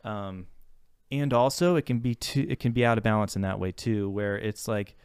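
Reflective man with a smooth voice. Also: lowish voice, normal speed, darkish tone, dry recording, studio quality. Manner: reflective and searching, circling back with restarts. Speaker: therapist and podcast co-host. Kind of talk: casual podcast conversation.

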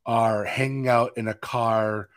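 A man co-hosting a film podcast, talking in a loose, rambling way and pausing often for fillers. His voice sits in a middle range, neither high nor low. He sounds relaxed and conversational. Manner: rambling, chatty, with many fillers. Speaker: podcast co-host. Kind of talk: casual chat.

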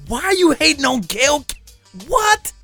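A man with a high, very lively voice jumps in excitedly during comedic banter. He curses and reacts loudly, his pitch swinging all over, and faint music plays underneath. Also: moderate pace, creaky. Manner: excitable, laughing, cursing interjections. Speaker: podcast co-host.

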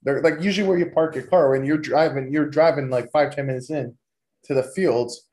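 A young man hosting a podcast, his voice sitting a little high for a man. He tells crude, rambling stories in a loose, joking way, swearing freely as he goes. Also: fairly quick, darkish tone. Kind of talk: casual storytelling.

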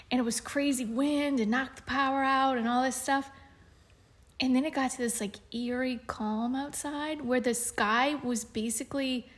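A woman co-hosting a podcast, telling a story in casual chat with plenty of fillers and restarts. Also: on the high side. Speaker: podcast co-host.

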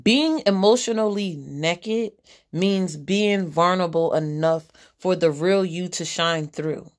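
A woman's voice: lowish voice, slow. A woman hosting a podcast, giving a general spiritual reading as a blunt, profane pep talk that repeats its key lines.

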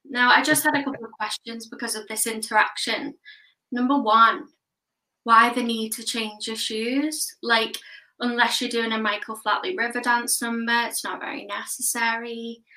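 A woman's voice: a little high, normal speed. A woman performing a stand-up comedy set, telling crude stories. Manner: deadpan storytelling with crude punchlines. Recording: roomy echo from a distant mic.

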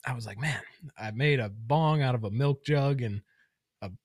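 A young man from Michigan telling a story in casual chat, animated and swearing, acting out the voices of others. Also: mid-range voice, normal speed, no room sound, studio quality. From Flint, Michigan. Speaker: podcast guest.

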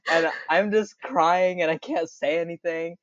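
A man's voice: a little high, steady tone, unhurried. A young man telling his own story in a casual interview, chatty and full of fillers, laughing often. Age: young adult. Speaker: interview guest. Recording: dull lo-fi recording.

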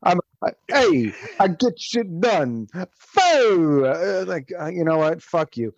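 A man putting on a loud, swaggering New politician voice in a mocking impression. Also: on the high side, big pitch swings, slow, no echo, dull audio, pitched above the performer's own voice, full character voice. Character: blustering New York politician, middle-aged man, swaggering.

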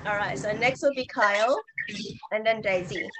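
A woman facilitating a group sharing circle, gentle and inviting, calling on people by name. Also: mid-range voice, moderate pace, background noise.

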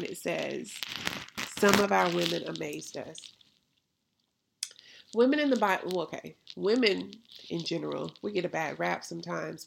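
A woman's voice: fairly low pitch, vocal fry, slight background noise. A woman hosting a faith podcast, preaching in a conversational way and often asking "right?". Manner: conversational preaching with rhetorical questions. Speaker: podcast host.

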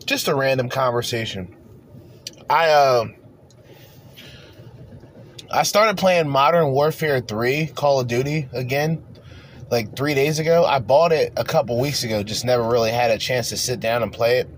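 A man's voice: mid-range voice, normal speed, pauses often, slight background noise. A man co-hosting a podcast, talking in a loose, profane, rambling way in casual chat. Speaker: podcast co-host.

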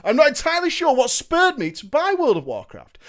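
High-pitched guy reading viewer stories, super bouncy delivery, swears a ton and keeps laughing. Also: a little fast. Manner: animated and profane, laughing often. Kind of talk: casual storytelling chat.

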